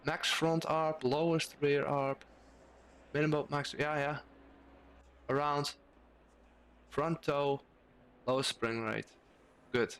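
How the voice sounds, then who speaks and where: A man's voice: on the high side, fairly even intonation, slow, long pauses, fairly bright tone, clear, resonant tone. A young man streaming a sim race, thinking aloud casually as he drives and tunes his car setup. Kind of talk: live-stream commentary while driving.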